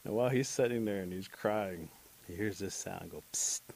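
A man telling a folk tale aloud in an animated, chatty way, with asides to his listener. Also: low voice, moderate pace, vocal fry, a little hiss or hum, poor audio. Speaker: storyteller. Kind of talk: oral folk storytelling.

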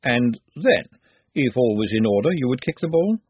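A man voicing a calm, dry-witted male city ruler who speaks in a measured, wry way. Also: medium pitch, slightly rough, no echo. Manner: measured, wry, drily amused. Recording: dry, phone-like narrow sound.

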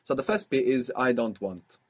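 A man's voice: mid-range voice, big pitch swings, moderate pace. A man teaching a language lesson, patiently prompting and explaining.

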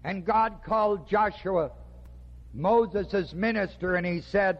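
A man preaching a sermon slowly and emphatically, with dramatic pauses. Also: sits high. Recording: dull lo-fi recording with long hall reverb.

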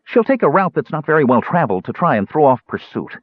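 A man voicing an excitable small male kender adventurer in a storybook reading, raising his voice high and sounding exasperated and pleading. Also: fast, breathy edge, no echo. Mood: eager. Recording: tinny phone-like sound.

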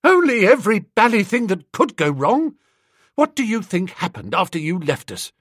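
A man voicing an excitable, agitated young man who talks in loud exclamations. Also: high voice, moderate pace, breathy edge, no echo, clean studio sound, voice pushed up, exaggerated voice.

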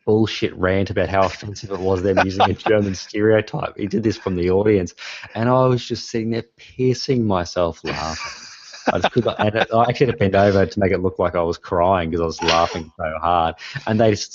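Deep-voiced man rambling. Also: sing-song, moderate pace, slightly rough. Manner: rambling storyteller, laughs often. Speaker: podcast host. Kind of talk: casual chat. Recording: dry, dull lo-fi sound.

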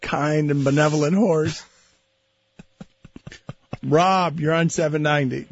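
A man's voice: fairly high pitch, fairly even intonation, takes it slowly, muffled recording. Wry, reluctant man hosting sports radio. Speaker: radio show host.

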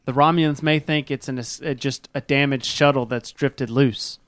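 A man playing a tabletop role-playing game, eagerly pitching ideas and asking questions. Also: fairly even intonation, normal speed, fairly bright tone, dry recording. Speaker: player.

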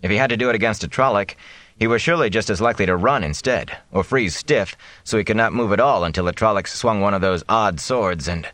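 A man narrates a novel aloud in a steady, measured way. His voice is very deep, and the recording is dry and close. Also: no echo. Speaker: audiobook reader. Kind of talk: audiobook narration.

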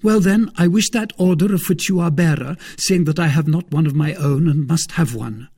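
A man's voice: fairly high pitch, normal speed, mellow, breathy edge, voice pushed up. A man voicing an eager, bold young male swordsman who speaks insistently and defiantly. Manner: hot-headed, insistent.

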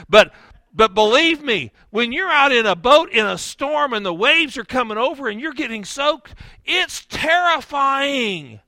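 A male pastor preaching a sermon, telling the story in a lively way that swings from hushed lines to loud outbursts. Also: extremely high pitch, no room sound.

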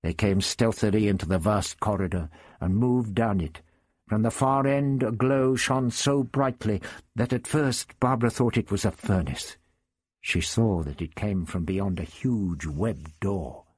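A man reading an audiobook novel in measured narration. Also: fairly low pitch, breathy edge, no room sound, clean studio sound.

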